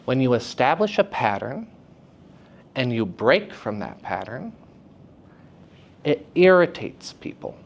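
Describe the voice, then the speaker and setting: A man teaching young actors in a lively, playful lecture, joking with the students. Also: medium pitch, slow, creaky, long pauses. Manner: lively, playful, jokes with audience. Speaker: theater teacher. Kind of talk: lecture to high school students. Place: school hall with audience.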